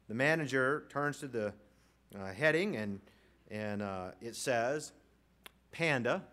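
A male preacher delivers a sermon in a church sanctuary. He reads scripture in slow, deliberate phrases and swings between ringing emphasis and quiet, low-pitched lines. His voice sits at an ordinary pitch for a man.

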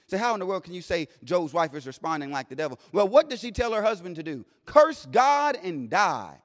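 High-voiced preacher in a reverberant hall. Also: male voice, lively intonation, fast talker. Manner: dramatic, swinging between loud declarations and hushed asides; plain-spoken, vernacular phrasing. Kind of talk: sermon. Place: church sanctuary. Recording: long reverb of a large hall.

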